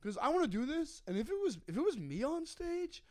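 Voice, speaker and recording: A man's voice: very high-pitched, big pitch swings, a little fast, darkish tone, no echo, studio quality, voice pushed up. A man imitating a pushy, rambling heckler in his thirties who keeps repeating himself. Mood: whiny, insistent. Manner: insistent, repetitive.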